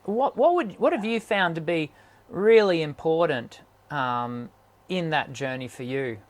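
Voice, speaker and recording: A male host of a voice-coaching show sets up his questions in a measured, careful way. He often restarts a phrase before finishing his thought. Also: a little high, expressive. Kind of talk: interview questions.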